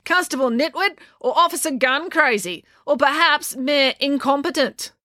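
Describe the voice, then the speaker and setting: Woman doing a gruff grumbling cat lady. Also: high-pitched, moderate pace, pushed and bright, no room sound, voice pushed up. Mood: blunt. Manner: mumbling, dry and sarcastic.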